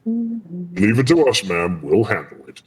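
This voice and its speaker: A male tabletop player speaks in character, calming and taking charge. His delivery is slow and measured. His pitch rises and falls expressively. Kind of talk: tabletop role-play, in character.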